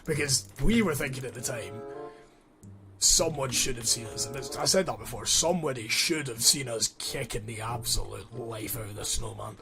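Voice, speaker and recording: A man's voice: medium pitch, moderate pace, vocal fry. A young man, telling a storytime anecdote over gameplay and reacting to the game as he goes. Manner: animated, breaks off to react to the game. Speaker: gaming storyteller. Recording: background music under voice.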